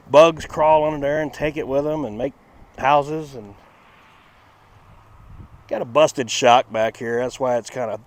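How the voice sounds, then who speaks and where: A chatty man hosting a car vlog outdoors. His pitch sits a little high and jumps around a lot as he rambles in a folksy way. His voice keeps flipping between excited and flat. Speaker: channel host. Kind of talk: casual car-restoration vlog.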